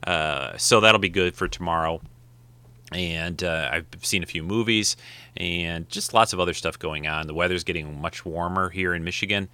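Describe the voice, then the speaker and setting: A man's voice: deep voice, moderate pace, bright, forceful tone, clean tone. A man hosting his podcast alone, chatting casually in a rambling way with friendly asides. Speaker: podcast host. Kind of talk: casual solo podcast talk.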